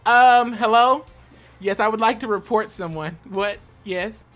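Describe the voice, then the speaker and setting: A man's voice: sits high, unhurried, fairly bright tone, voice pushed up. A man putting on the voice of a fussy caller complaining to a help line. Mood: indignant.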